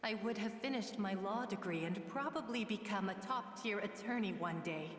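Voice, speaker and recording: A woman voicing a cold spirit made of many murdered women, speaking in a solemn, measured, accusing way. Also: medium pitch, close to an everyday voice. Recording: echoey with long hall reverb.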